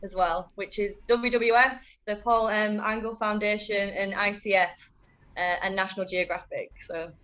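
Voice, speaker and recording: A young British woman, a shark researcher and marine science doctoral student, speaking as an interview guest in a brisk, earnest way. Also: medium pitch, steady tone, fairly bright tone. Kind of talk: guest interview, thanking supporters. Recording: slightly dull lo-fi sound.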